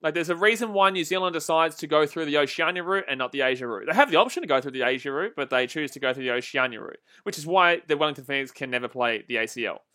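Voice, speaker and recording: A young Australian man with a high-set, bright, forceful voice hosts a live football stream, calling the play and arguing with chat in a blunt, excitable way. The sound is dry and close. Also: fast talker, few pauses, dry recording. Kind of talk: casual live match commentary and chat.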